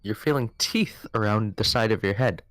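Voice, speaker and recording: A man's voice: fairly low pitch, normal speed, fairly bright tone, dry recording. Guy game-mastering a tabletop session, loose rambly narration, dry close sound. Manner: loose, filler-heavy narration.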